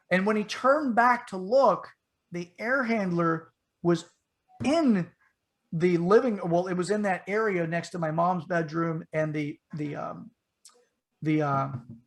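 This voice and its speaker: A man's voice: fairly high pitch, fairly bright tone. A man casually telling a childhood ghost story on a podcast, rambling with restarts and asides and acting out the people in it.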